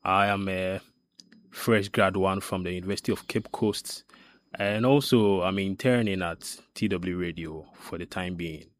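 Deep, flat-voiced young man. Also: a little slow. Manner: formal, polite. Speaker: radio intern, guest. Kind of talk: self-introduction on a radio panel. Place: radio studio.

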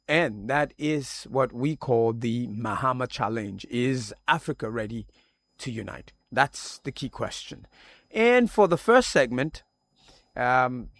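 Slow, emphatic male radio host. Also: medium pitch, fairly bright tone, no echo. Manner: measured, emphatic, addresses guests directly. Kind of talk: slow, deliberate radio talk show hosting. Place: radio studio.

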